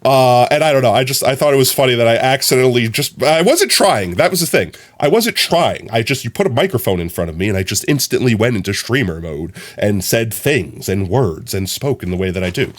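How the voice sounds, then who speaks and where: A young man chatting casually on his live stream, telling stories in an animated, rambling way full of fillers. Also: mid-range voice, a little fast, hardly any pauses. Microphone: streaming from a phone.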